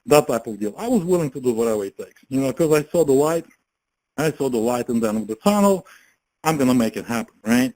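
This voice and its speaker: A man talks in a relaxed, chatty way at a middle pitch. He gives a casual motivational talk and keeps turning to his audience with questions. His delivery stays conversational. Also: fast, poor audio. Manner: chatty, keeps asking the listeners rhetorical questions. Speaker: network marketing presenter.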